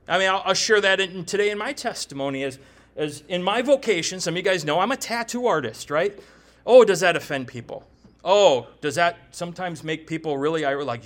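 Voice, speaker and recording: A man with a high voice preaches to a congregation in a loose, conversational way. He tags his points with "right?" and "you know?" as he goes. He mixes scripture with stories from his own working life. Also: expressive, fairly quick, a bit bright. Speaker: preacher and tattoo artist. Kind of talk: sermon with personal testimony.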